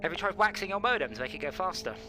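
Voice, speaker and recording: A British man with a slightly high voice hosts a live racing stream and chats loosely with his friends. He gets excitable and shouts at other drivers. A clear engine hum sits under his voice. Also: rapid-fire. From Britain. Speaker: stream host and server admin. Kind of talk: casual live-stream chat while sim racing.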